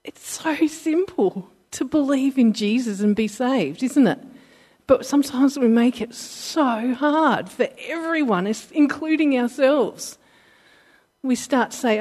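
A woman's voice: high-pitched, lively intonation, takes it slowly, a little mellow. A woman giving an informal, heartfelt sermon from Britain or Australia, often restarting her sentences and voicing the people she quotes. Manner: emotional, earnest, acts out quoted voices, rambling restarts. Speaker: preacher.

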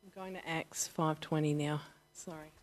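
A woman's voice: low voice, fairly even intonation, normal speed, a little hiss or hum. A woman giving an informal, heartfelt sermon from Britain or Australia, often restarting her sentences and voicing the people she quotes. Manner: emotional, earnest, acts out quoted voices, rambling restarts. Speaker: preacher.

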